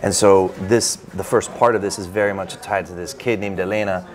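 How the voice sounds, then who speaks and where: Lower-voiced man telling a lively story. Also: normal speed. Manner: animated storyteller, many "like" fillers. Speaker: author. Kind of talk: casual anecdote in an interview. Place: bookstore event.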